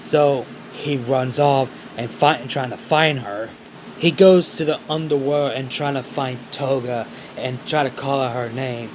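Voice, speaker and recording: A man's voice: medium pitch, steady tone, a little slow, a little hiss or hum, rough recording. A man casually narrating an improvised fan story in a loose, rambling way.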